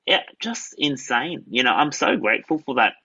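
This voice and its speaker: An Australian tenor chatting as an interview guest, enthusiastic and rambling, full of "you know" and "mate". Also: male voice, medium pitch, very animated, normal speed, sharp tone, dull audio, slight background noise. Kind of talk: casual interview chat.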